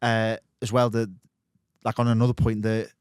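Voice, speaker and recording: Rambling man, lowish voice. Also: little pitch movement, normal speed, clean tone, dry recording, studio quality. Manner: rambling, with many restarts and fillers. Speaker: podcast guest. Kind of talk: casual podcast chat.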